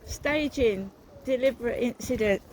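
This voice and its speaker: A woman's voice: a little high, a little slow, darkish tone, a little hiss or hum, poor audio. A woman narrating a walking vlog outdoors, talking in a rambling, repetitive, suspicious way. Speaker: vlogger. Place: outdoors, walking through a town.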